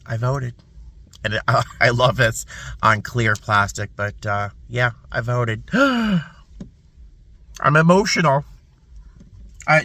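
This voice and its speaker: A man talking to camera in a casual vlog from his parked car, emotional and halting, full of restarts and fillers. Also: fairly low pitch, pushed and bright. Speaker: vlogger.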